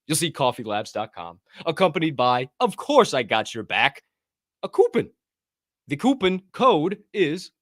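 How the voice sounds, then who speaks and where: Animated, rambling podcast host man. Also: on the high side, no room sound, clean studio sound. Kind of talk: casual livestream podcast chat and ad read. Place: warm room at home.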